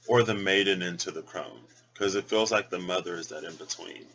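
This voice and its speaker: A man's voice: low-pitched, brisk, fairly bright tone, poor audio. A man thinking aloud as he pulls and reads cards, muttering and repeating words as he tries pronunciations. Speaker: tarot and rune reader. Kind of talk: casual reading vlog, thinking aloud.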